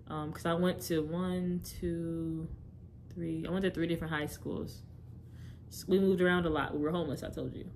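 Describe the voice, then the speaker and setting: A woman's voice: fairly low pitch, a little hiss or hum. A young woman candidly telling her personal testimony straight to her viewers, rambling and correcting herself as she goes. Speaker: testimony speaker.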